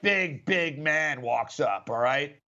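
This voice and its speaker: Excitable high-voiced man, lo-fi sound. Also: slow. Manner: animated, excitable storyteller. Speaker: sports radio host. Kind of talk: casual storytelling chat. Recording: dull lo-fi audio.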